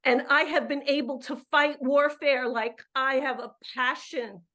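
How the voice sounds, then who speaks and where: A woman's voice: high-pitched, steady tone, measured pace, sharp tone. A woman in her fifties calling in to a live show as a coach, effusive and emphatic, often repeating words as she goes. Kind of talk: live call-in chat.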